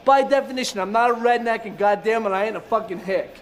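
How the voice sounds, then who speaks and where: A furious young punk, played by an actor, tears into posers in a high, sardonic, profane rant. Faint noise sits behind the film audio. His voice stays sharp and scornful throughout. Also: quick pace, close to an everyday voice. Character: angry young male punk ranting.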